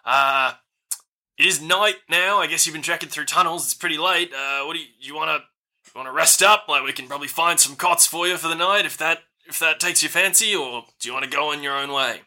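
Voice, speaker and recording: A man's voice: fairly high pitch, fairly quick, sharp tone. A man voicing a wary male doorkeeper who stammers through rambling questions. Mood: apologetic. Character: gruff male doorkeeper twin, wary guard.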